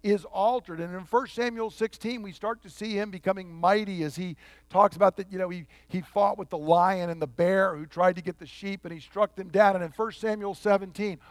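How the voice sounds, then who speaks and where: A male pastor delivering a sermon in a high-pitched voice. He preaches emphatically, building to forceful peaks and then dropping low and quiet, acting out the quoted lines. The sound is dry and close. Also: fairly even intonation, a little fast, no echo.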